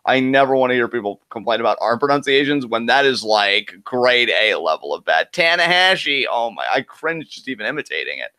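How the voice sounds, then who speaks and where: A man's voice: mid-range voice, animated, fairly quick, hardly any pauses, pushed and bright, no echo. A man co-hosting a live wrestling reaction stream, giving casual, joking play-by-play commentary.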